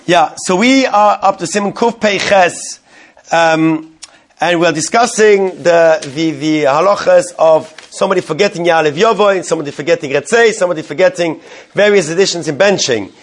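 High-voiced man teaching a halacha class. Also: normal speed. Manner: translates Hebrew terms into English as he teaches, asks questions to the class. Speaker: Torah teacher. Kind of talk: Talmudic-style halacha class.

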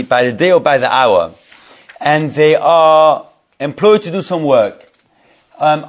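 A man teaching a Torah study class, reading Hebrew text quickly and then explaining it in English, often restarting phrases and asking his students questions. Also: a little high.

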